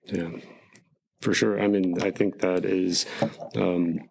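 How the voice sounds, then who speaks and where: A man's voice: sits low, little pitch movement, slow, vocal fry, a little mellow. A man co-hosting a podcast, telling a story in a rambling casual way with lots of fillers. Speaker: podcast co-host. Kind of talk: casual chat.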